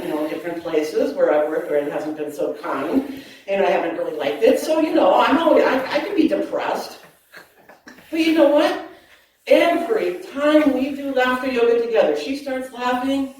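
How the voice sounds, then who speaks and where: A woman's voice: a little high, slight background noise. Laughing woman leading a group. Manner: lively and laughing, playful asides. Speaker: laughter yoga leader. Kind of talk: talk to a group. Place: community hall. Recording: echoey hall, mic at a distance.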